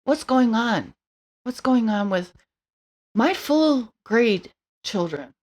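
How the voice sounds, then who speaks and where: A middle-aged woman with a slightly high voice is a podcast guest sharing her story. She keeps it conversational, breaking into animated asides and briefly mimicking voices.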